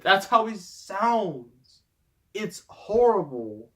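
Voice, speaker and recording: Man, middle-pitched, slow delivery; exasperated rambling movie-review ranter who laughs through his complaints. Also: a bit bright. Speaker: movie reviewer, host of the show. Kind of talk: casual movie review rant.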